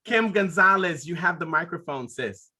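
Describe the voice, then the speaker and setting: A man's voice: a little high, expressive, moderate pace. A man hosting a video call, enthusiastically thanking his guest and calling on participants to speak. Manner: enthusiastic, warm-hearted praise, calls on speakers. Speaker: host.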